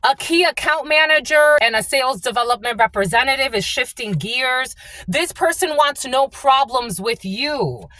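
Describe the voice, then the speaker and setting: A woman's voice: sits high, expressive, moderate pace, bright, forceful tone, no room sound. A woman giving a casual psychic reading to her viewers, rambling and full of "like" and "uh" fillers. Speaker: spiritual channeler.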